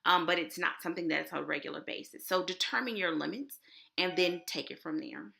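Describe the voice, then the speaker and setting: Chatty Texan woman with a gravelly edge. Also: fairly low pitch, sing-song, brisk, pushed and bright. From Houston, Texas. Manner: chatty, emphatic, folksy. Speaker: conference presenter. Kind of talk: casual conference talk.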